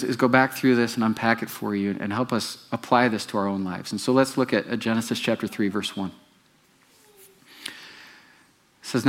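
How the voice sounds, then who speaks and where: Man preaching with lively storytelling. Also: mid-range voice. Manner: animated storytelling, asks congregation questions. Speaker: pastor. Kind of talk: sermon.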